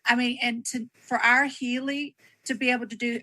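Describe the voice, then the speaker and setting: Older Southern woman, bright and a touch high, chatty and anecdotal, dry call audio. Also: flat delivery, moderate pace, dry recording, low-quality recording. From Texas. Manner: chatty, storytelling, laughs easily. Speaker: registered nurse sharing testimonial. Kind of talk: casual chat on a group call.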